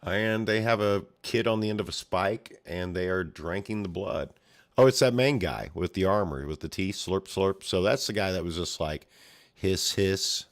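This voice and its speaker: A low-voiced man chats casually as he pages through a comic, narrating the action in a loose, rambling way. He tosses in his own mouth sound effects and offhand asides as he goes. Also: moderate pace. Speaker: comic reader and commentator. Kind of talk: casual read-along commentary.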